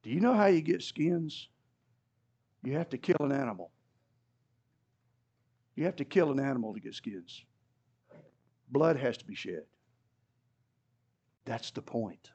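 A man's voice: medium pitch, lively intonation, normal speed, long pauses, a little mellow. A man preaching a sermon in a conversational way, with asides and dry humor, heard on a dull lo-fi recording. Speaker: pastor.

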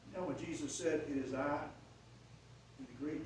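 A man's voice: a little high, brisk. A man preaching a sermon, retelling a story with dramatic swells in volume. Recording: echoey room from far off, faint noise.

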